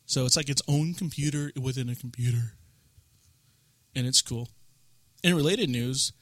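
A man's voice: medium pitch, moderate pace, fairly bright tone, dry recording. A man co-hosting a casual gaming podcast in a studio, chatting in a rambling way. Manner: chatty, rambling gamer talk. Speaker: podcast co-host. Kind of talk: casual chat.

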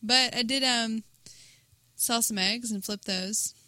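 Bright, slightly high woman podcasting. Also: slow, no echo. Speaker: podcast co-host. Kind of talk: casual chat. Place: podcast studio.

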